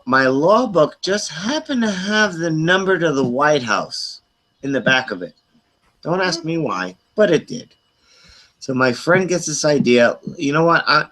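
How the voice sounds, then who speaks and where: A middle-aged man on an open group call, casually telling a long, profane, animated story with quoted voices. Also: mid-range voice, low-quality recording. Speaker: hangout participant.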